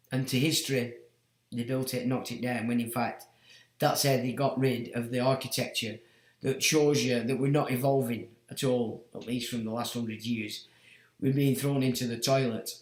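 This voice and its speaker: A man's voice: medium pitch, steady tone, moderate pace. A man hosting a casual livestream, rambling bluntly with muttered asides and frequent swearing. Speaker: livestream host. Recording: roomy echo.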